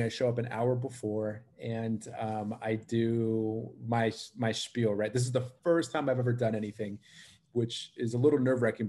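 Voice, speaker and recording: A man, a live wedding painter, telling a personal story on a casual interview show, acting out his own thoughts as he goes. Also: mid-range voice. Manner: animated storyteller, acts out his own inner voice.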